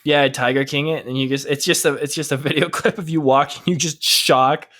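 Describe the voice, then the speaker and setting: A man's voice: a little high, fairly even intonation, a little fast, a bit bright. A young man co-hosting a podcast, chatting casually, rambling with lots of fillers and restarts and laughing often. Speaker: podcast co-host. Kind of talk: casual chat.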